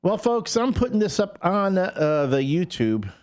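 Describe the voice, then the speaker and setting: A man co-hosting a morning radio show, talking in a rambling, halting, jokey way. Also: sits high, sing-song, a little mellow. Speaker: radio co-host. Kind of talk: casual morning radio banter.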